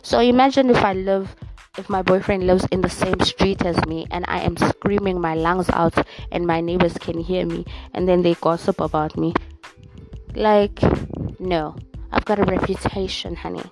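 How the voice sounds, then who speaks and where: A woman's voice: fairly low pitch, fairly even intonation, normal speed, over music. A young South African woman hosting a solo podcast, ranting bluntly and sassily with lots of swearing. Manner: blunt, profane, sassy. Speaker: podcast host. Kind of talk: casual solo rant.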